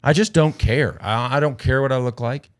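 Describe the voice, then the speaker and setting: Rambling, foul-mouthed podcast host. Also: male voice, mid-range voice, normal speed. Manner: rambling, profane, joking. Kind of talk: casual podcast chat. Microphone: headset.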